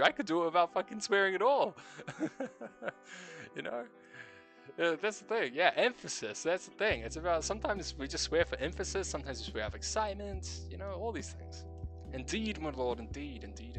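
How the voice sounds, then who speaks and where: Swearing New Zealand man, fairly high voice. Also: fairly bright tone. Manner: swears freely, laughs often, philosophical. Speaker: stream host. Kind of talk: casual late-night chat.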